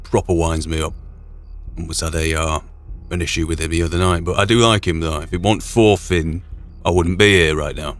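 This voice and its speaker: A man talking in character, gruff and blunt with a lot of swearing. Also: sits low, steady tone, fairly quick. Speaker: roleplayer speaking in character. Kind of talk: in-character roleplay chat.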